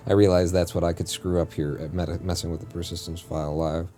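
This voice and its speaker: A man's voice: low-pitched, level tone, fast talker, dark tone. A man streaming a game live, chatting casually in a rambling, joking way and often correcting himself mid-sentence. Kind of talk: casual live-stream chat while playing.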